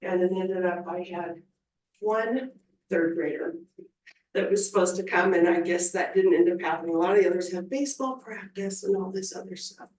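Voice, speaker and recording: A woman's voice: lowish voice, normal speed, darkish tone. A woman, an elementary music teacher, giving an informal, enthusiastic presentation at a school board meeting. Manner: informal and enthusiastic, with many fillers. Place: meeting room. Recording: roomy, distant meeting-room sound.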